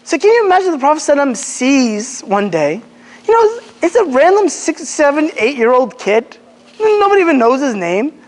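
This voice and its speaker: Lively male teacher in a reverberant hall. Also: very high voice, moderate pace. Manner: animated storyteller, acts out quotes, many fillers and restarts. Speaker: Islamic teacher. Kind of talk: casual religious lecture to a youth group.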